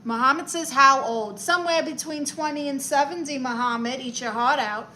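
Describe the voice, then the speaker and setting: Sassy bright-voiced New York woman. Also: sits high, normal speed, a little hiss or hum. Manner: sassy, theatrical auntie, calls viewers honey and darlings. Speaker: livestream host giving advice. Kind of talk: casual livestream chat reading comments.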